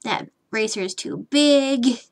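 A woman's voice: on the high side, takes it slowly. A woman streaming herself drawing, rambling to herself, humming and muttering, frustrated and swearing casually at her computer. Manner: rambling self-talk, muttering and humming while working. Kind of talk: live drawing stream chatter.

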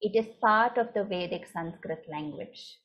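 A woman's voice: medium pitch, normal speed, fairly bright tone. A woman teaching a lesson on chanting, explaining patiently and often checking in with "right?". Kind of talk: recorded lecture with slides. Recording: muffled lo-fi recording.

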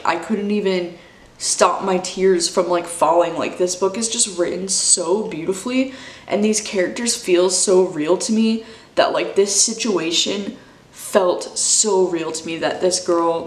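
A book vlogger in her twenties chats casually, gushing and emotional, peppering her talk with "like" and "dude." Her fairly low voice sounds reverberant.

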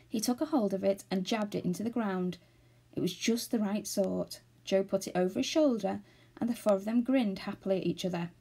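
A woman reading a children's novel aloud, steady and expressive. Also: medium pitch, a little fast, vocal fry, slightly rough. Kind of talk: storybook read-aloud.

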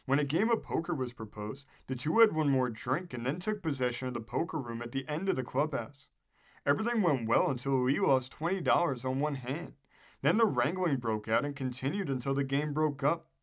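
A man with a middle-pitched voice reads an old newspaper article aloud. His delivery is steady and measured, narrating each scene plainly.

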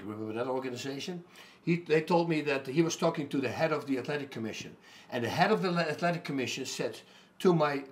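A middle-aged man, a fighter, telling a personal story in an animated way that turns loud and emphatic. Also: fairly high pitch. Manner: animated, gets loud and emphatic when indignant.

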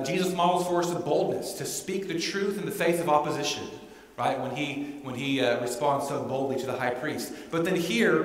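A man preaching a sermon as pastor, in a conversational way that keeps checking in with the congregation. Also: medium pitch. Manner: conversational, often asks "right?". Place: church sanctuary. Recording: echoey church hall.

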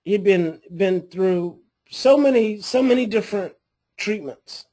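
A man, an adoption coach and therapist, telling a story to his class in a lively way and acting out the people in it. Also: sits high, a little slow. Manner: animated storytelling, acts out quoted voices.

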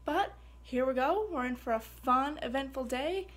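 A woman's voice: high-pitched, moderate pace. A woman vlogging in a chatty, upbeat way, talking to her viewers about her busy day. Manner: upbeat, chatty, addresses viewers as "you guys". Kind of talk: casual vlog chat.

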